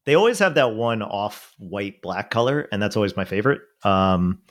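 A man with a lowish voice talking casually in a relaxed way, often cutting in with short reactions. His talk is easygoing and conversational. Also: moderate pace. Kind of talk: casual chat.

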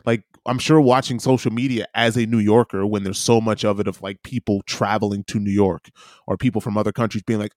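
A man's voice: fairly low pitch, little pitch movement, fairly quick, no echo, studio quality. Teasing man in casual chat. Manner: teasing, laughs often. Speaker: podcast co-host. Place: lives in Wellington.

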